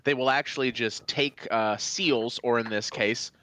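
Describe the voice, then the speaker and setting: A man co-hosting a casual podcast, rambling in a deadpan mock-expert way with many fillers. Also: medium pitch, measured pace, very noisy. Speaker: podcast co-host. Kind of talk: casual comedic chat.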